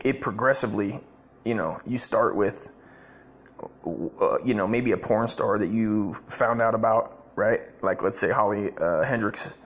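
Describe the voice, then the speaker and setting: A man giving crude comedic reaction commentary, blunt, rambling and full of profanity. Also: on the low side.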